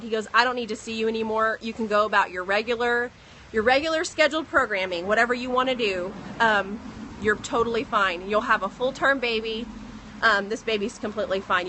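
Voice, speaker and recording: Bright-voiced pregnant woman vlogging. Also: fairly high pitch, low-quality recording. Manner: earnest, animated retelling with quoted dialogue. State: pregnant, second trimester. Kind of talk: casual personal storytelling. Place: outdoors in the rain. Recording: faint outdoor noise, rain.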